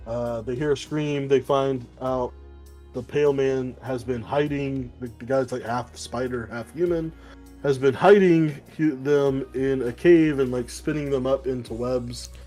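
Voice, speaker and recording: A man talks through a comic issue in a loose, rambling way, swearing often and slipping into the characters' lines. His voice is mellow and dark, at a middle pitch. Faint music plays in the background. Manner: rambling, profane, acts out characters in quick asides. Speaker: podcast co-host. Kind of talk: casual comic book review chat.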